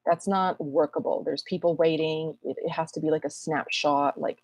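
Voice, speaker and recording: Low-voiced chatty woman astrologer. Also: fairly even intonation, moderate pace, a little mellow, no room sound. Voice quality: slightly husky morning voice. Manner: chatty, rambling, self-mocking. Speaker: astrologer hosting a live Q&A. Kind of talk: casual livestream chat.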